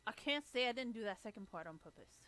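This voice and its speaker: A woman's voice: fairly high pitch, expressive, fast talker, a bit bright, soft background music. A woman on a livestream ranting with a profane, taunting, sarcastic manner. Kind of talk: livestream rant.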